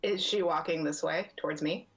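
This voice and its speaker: A woman player in a tabletop role-play game, talking in a relaxed, casual way. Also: sits low, normal speed, rough recording.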